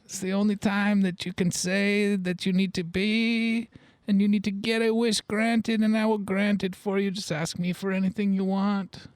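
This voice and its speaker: A man voicing a smooth, menacing Italian mob boss in a parody ad, drawling his offers with a put-on Italian accent. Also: high voice, little pitch movement, no room sound, natural voice. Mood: menacing generous. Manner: slow, drawling, making offers. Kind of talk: parody radio ad.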